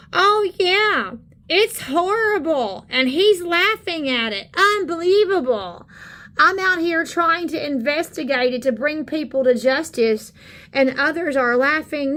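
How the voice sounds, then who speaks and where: A woman, co-hosting a channel, talking indignantly and haltingly in casual commentary on videos. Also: high voice, fairly bright tone. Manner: indignant, halting with many fillers. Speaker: channel co-host. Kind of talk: casual commentary on screen content.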